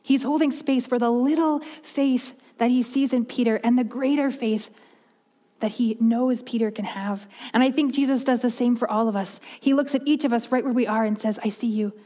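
A woman's voice: a little high, fairly even intonation, moderate pace, mellow, big-room sound. A woman preaching a sermon in an earnest, heartfelt way, often restarting and repeating her words.

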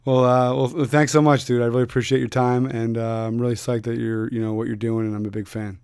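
A man's voice: medium pitch, little pitch movement, quick pace, darkish tone, smooth. A man from Philadelphia hosting a podcast, chatting casually with a guest, laid-back and rambling with lots of fillers and restarts. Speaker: podcast host. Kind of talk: casual interview chat.

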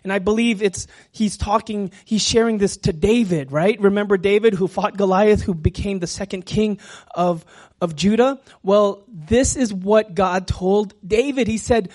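A man preaching a sermon as pastor, talking gently and sometimes dropping to a whisper. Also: high voice. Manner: slow, gentle, drops to a whisper at times.

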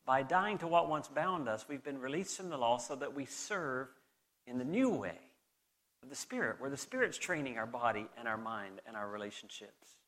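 A middle-aged man with a softened Southern American accent, preaching a sermon in an earnest, conversational way and reading scripture aloud. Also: mid-range voice, expressive, normal speed. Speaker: pastor.

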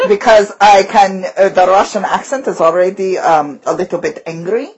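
A woman of medium pitch and moderate pace co-hosts a podcast, with a little hiss or hum on the recording. As a teacher, she casually and animatedly shares classroom stories, often breaking into character voices.

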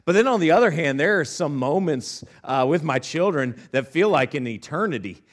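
A middle-aged man, a pastor, preaching a sermon in a church and telling family stories with animated delivery. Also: on the high side, normal speed. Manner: animated storyteller, acting out his kids and himself. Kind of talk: sermon with personal storytelling. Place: church sanctuary.

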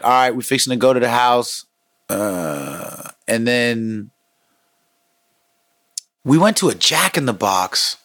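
A man hosting a podcast, telling street stories in a casual, profane, animated way and acting out quotes. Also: medium pitch. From San Francisco Bay Area. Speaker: podcast host. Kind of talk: casual storytelling monologue.

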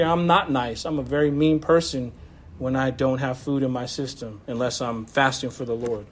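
A man's voice: medium pitch, steady tone, normal speed. A man preaching a sermon in a loose, conversational way, with asides and laughs, over a video call. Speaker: pastor.

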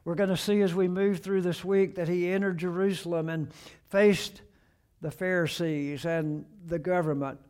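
Slow, high-pitched preaching man. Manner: earnest preaching, swelling on quoted questions, dropping soft at the end of points. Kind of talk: sermon.

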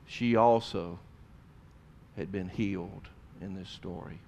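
A man preaching a sermon, swinging between loud emphasis and hushed tones. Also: fairly low pitch, unhurried, muffled recording.

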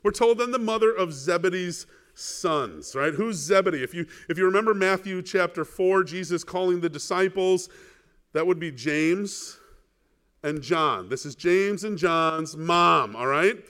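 A man's voice: high voice, a little slow. A male pastor preaching a sermon, asking the congregation questions and acting out the people in the story. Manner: animated, rhetorical questions, acts out biblical characters.

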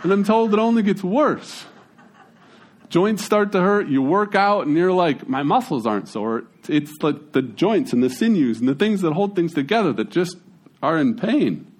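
A man's voice: sits high, moderate pace. Casual Midwestern man preaching. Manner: conversational and folksy, animated storytelling. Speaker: pastor. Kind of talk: sermon.

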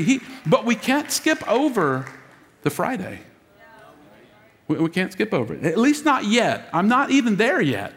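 A man preaching as lead pastor, dramatic, dropping to a hush for emphasis and acting out quoted voices. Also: sits high, wildly swooping pitch, measured pace. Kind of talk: sermon. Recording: long reverb of a large hall.

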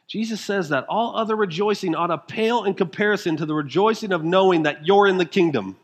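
A male pastor with a notably high voice delivers his sermon. He speaks emphatically and keeps asking the congregation questions, dropping to quiet intensity before building back up with fervor. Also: brisk, hardly any pauses. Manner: swings between quiet intensity and rising fervor.

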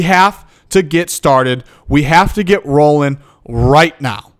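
A man's voice: on the high side, slow pace. A young man, a football coach, hosting a motivational podcast and delivering a fired-up rant that keeps checking in with "okay?". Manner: fired up, emphatic, repeats "okay?".

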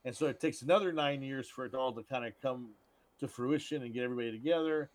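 A man's voice: mid-range voice, quick pace. A man co-hosting a podcast, rambling crudely about a film and retelling its scenes. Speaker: podcast co-host. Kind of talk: casual film chat.

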